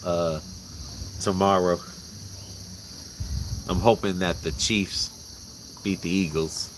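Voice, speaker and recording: Slow, deep-voiced man joking outdoors. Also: fairly even intonation, background noise. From Puerto Rico. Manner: laughing, joking sports banter with swearing. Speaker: vlog host. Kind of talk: casual chat. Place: outdoors in rural mountains at night. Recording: outdoor recording, loud crickets. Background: loud crickets and insects.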